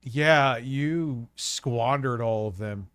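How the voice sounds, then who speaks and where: A man's voice: mid-range voice, extremely slow, fairly bright tone, clean tone, no room sound. Stuffy-voiced male co-host, blunt and mocking, dry sound. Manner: blunt, mocking, swears a lot. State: stuffy from a cold. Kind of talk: profane casual commentary.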